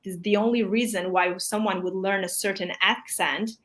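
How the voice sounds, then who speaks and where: A woman's voice: medium pitch, fairly even intonation, moderate pace, fairly bright tone. Thoughtful hesitant woman guest. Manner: thoughtful, hesitant, lots of fillers and restarts. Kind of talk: live discussion.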